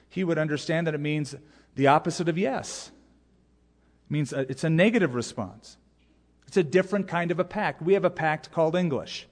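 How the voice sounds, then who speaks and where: A man's voice: fairly high pitch, a little mellow. A man, a pastor, preaching a sermon with emphatic, repeated key phrases. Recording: long hall reverb.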